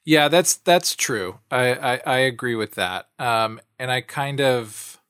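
A man in a casual film discussion, weighing his points carefully and pausing with fillers. His voice sits at a middle pitch, and the recording is dry and close. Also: a bit bright, clear, resonant tone, no echo. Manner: thoughtful, analytical, hedging with fillers. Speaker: podcast co-host.

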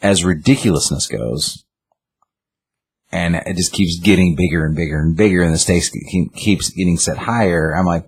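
A man co-hosting a casual chat, animated, acting out his own reactions as he talks. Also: low voice, moderate pace, breathy edge. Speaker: podcast co-host reviewing a comic.

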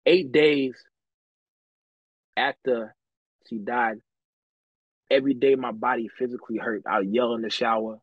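A man's voice: medium pitch, fairly even intonation, measured pace, pauses often, no room sound, muffled recording. A man on a podcast telling stories from his life in casual, slangy, profane talk, laughing often. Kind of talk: casual chat, storytelling.

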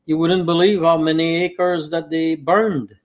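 A man's voice: on the high side, fairly even intonation, unhurried. A middle-aged man from Canada with a French Canadian accent, a guest talking earnestly in a casual discussion. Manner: earnest, repeats himself for emphasis.

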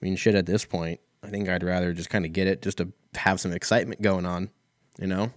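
A man's voice: sits low, flat delivery, quick pace, no echo, studio quality. A man hosting a casual solo talk, rambling in a wry, profane way. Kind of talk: casual solo comedic rant.

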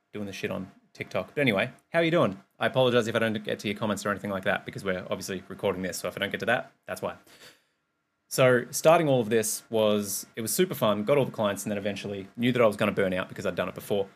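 A podcast host who is also a personal trainer rambles through a candid, casual monologue, also streamed live, swearing freely. His voice is fairly low and a bit bright.

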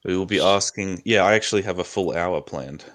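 Deep-voiced young man hosting. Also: fairly quick, a bit bright. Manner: hesitant, many fillers and restarts. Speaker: podcast host. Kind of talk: casual chat.

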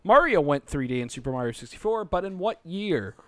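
A man's voice: on the high side, very animated, brisk. A man hosting a casual group chat, reading quiz questions aloud and reacting with laughter. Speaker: podcast host reading a quiz.

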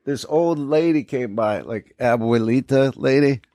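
A podcast co-host chats loosely and casually, spinning long anecdotes and slipping into the voices of the people he quotes. His middling-pitched voice is warm and unhurried, recorded dry and close with no room sound.

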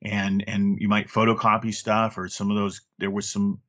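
Middle-aged male guest, low register, loose rambling delivery. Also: completely flat delivery, normal speed, a bit bright. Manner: rambling, many restarts and fillers. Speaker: guest, former game play counselor. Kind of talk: casual interview talk.

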